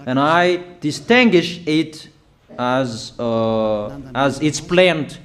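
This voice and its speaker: Slow, emphatic man preaching prophecies. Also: medium pitch, animated. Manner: declaiming, emphatic, repeats warnings, halting fillers. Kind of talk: prophetic sermon.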